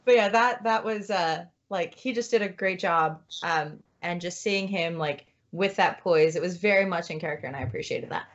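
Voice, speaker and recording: A woman's voice: lowish voice, moderate pace, hardly any pauses. Hesitant woman chatting on a podcast. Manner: hesitant, many fillers. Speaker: podcast co-host. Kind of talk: casual chat. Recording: dull lo-fi audio.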